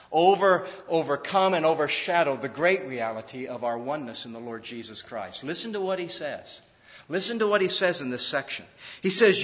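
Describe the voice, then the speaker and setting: A man's voice: on the high side, fairly bright tone. A man preaching a sermon, stressing his points with rising, repeated phrases. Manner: preaching with rising emphatic repetition. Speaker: pastor. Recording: muffled sound with long hall reverb.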